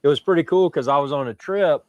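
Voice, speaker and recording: A man's voice: fairly high pitch, quick pace, darkish tone, no room sound, highs cut off. A man with a Southern US accent, telling a rambling story on a livestream chat. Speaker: livestream guest.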